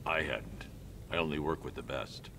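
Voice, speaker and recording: A man's voice: a bass voice, normal speed, creaky. An actor playing a grim, stoic male caped vigilante who speaks in terse, clipped commands. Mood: steady. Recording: game audio with background noise.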